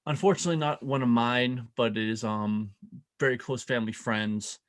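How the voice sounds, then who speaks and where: A man co-hosting a casual podcast, telling a story and acting out the people in it with lively quoted voices. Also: medium pitch, normal speed. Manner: animated, acts out quoted voices. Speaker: podcast co-host.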